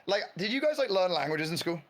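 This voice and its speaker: A man chatting casually who tells stories in an animated way and laughs often. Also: high voice, fast talker. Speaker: stream guest. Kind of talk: casual chat.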